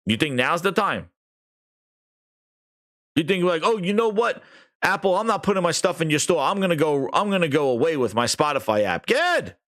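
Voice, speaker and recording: A man's voice: on the high side, fairly bright tone. A man hosting a gaming podcast, ranting sarcastically, swearing and acting out mocking quotes. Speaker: podcast host. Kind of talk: ranting commentary.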